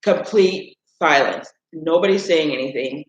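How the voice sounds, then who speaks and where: A man with a fairly high voice, from Illinois, hosts a live stream and tells a long, meandering family story. He keeps looping back with "anyways" and "right?". The sound is dull and echoes around the room. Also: measured pace. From Illinois, USA. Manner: rambling, with frequent "anyways" and "right?". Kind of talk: casual storytelling.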